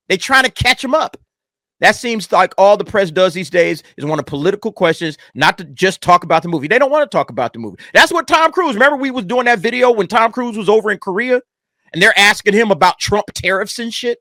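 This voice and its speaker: Animated, profane male reaction commentator. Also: high-pitched, fast, no echo, clean studio sound. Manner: animated, profane, talks back to clips. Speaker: commentary channel host.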